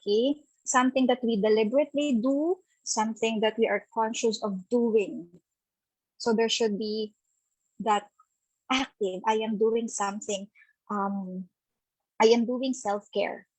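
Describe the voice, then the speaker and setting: A woman's voice: fairly high pitch, steady tone, a little slow, a little mellow, no room sound, low-quality recording. A woman with a Filipino accent giving an interactive online webinar on self-care, reading out participants' typed answers and affirming them with frequent "okay" and "ayan".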